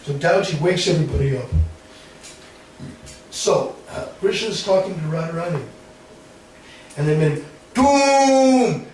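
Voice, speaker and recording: Animated man telling a sacred story. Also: a little high, moderate pace, long pauses. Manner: animated, laughing, acts out voices. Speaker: swami, spiritual teacher. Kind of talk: devotional storytelling sermon. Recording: very echoey hall, distant mic, faint hiss.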